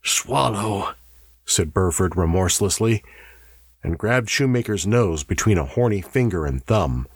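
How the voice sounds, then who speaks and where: A man reading a story aloud in a measured, expressive way. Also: sits low, breathy edge, no room sound, studio quality. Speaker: narrator. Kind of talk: audiobook narration.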